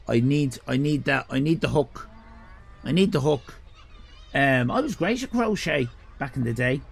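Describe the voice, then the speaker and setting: A man's voice: a little high, creaky, fairly bright tone. An Irish man in his fifties chatting with his live chat as a streamer, prone to playful mock-indignant rants. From Ireland. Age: 50s.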